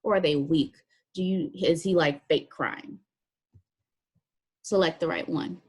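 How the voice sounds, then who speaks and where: A woman teacher with a slightly husky voice explains a writing task one step at a time. Her voice sits a little low, and her delivery stays plain and practical as she reads out instructions. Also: steady tone, normal speed, darkish tone. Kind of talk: recorded classroom lesson walkthrough.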